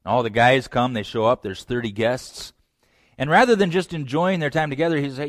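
A man preaching a sermon, retelling a scripture story with lively acted-out lines and direct asides to his listeners. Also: a little high, fairly quick, no room sound, clean studio sound. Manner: animated storytelling, acts out voices; direct address to young men. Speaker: pastor.

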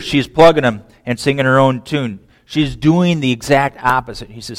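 Animated preacher in an echoing hall. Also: male voice, medium pitch, moderate pace, few pauses. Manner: animated, repeats words, asks the audience questions. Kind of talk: sermon. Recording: long hall reverb.

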